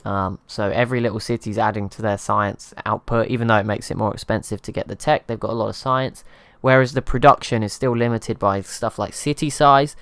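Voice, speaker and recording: A man's voice: lowish voice, steady tone, fairly quick, few pauses, a bit bright, no echo. A man hosting his gaming channel, giving casual, rambling commentary over strategy gameplay and laughing at himself. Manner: rambling, self-deprecating, chuckles at himself.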